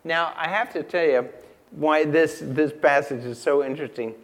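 A man preaching a sermon in a church, emphatic and unhurried, asking the congregation rhetorical questions and repeating key lines. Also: on the high side. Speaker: pastor.

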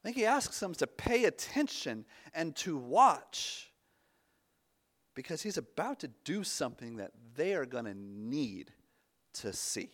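A pastor preaching a conversational sermon, often restarting his words and dropping suddenly to a hush. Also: a little high, big pitch swings, unhurried.

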